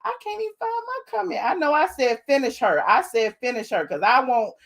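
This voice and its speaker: A high-voiced woman hosts a live stream. She talks in a sassy, animated way. She calls her viewers "honey.". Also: brisk, creaky. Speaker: show host. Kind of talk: casual live commentary.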